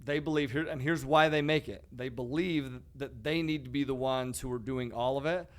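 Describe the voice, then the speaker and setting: Energetic male podcast host, emphatic. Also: mid-range voice, moderate pace. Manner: energetic, emphatic, calls his co-host "bro" and "dude". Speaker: podcast host, real estate investor. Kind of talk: casual podcast chat.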